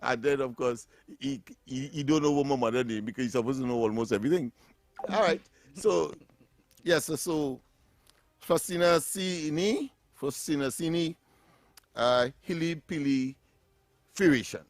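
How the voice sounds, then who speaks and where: A man's voice: mid-range voice, moderate pace, dry recording. A man hosting a morning talk radio show, bantering, laughing often and repeating words as he works through them.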